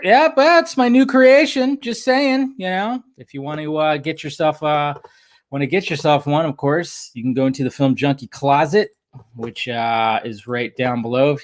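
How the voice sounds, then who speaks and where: A man hosting a casual livestream from home, upbeat and chatty as he greets viewers by name. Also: mid-range voice. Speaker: livestream host.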